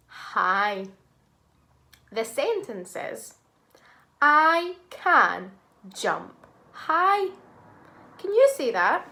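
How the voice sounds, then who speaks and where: A woman teaching a phonics lesson to young children, speaking slowly and clearly and sounding out words in an encouraging way. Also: medium pitch, a bit bright. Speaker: primary school teacher.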